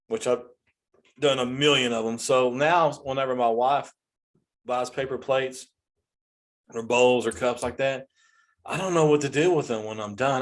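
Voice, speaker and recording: Forties male comedy host, mid-pitched, animated exasperated rant full of restarts. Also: moderate pace, pauses often. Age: 40s.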